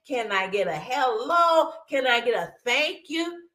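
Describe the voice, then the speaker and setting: Woman impersonating an excitable male preacher: high, loud, drawn-out call-and-response. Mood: fervent.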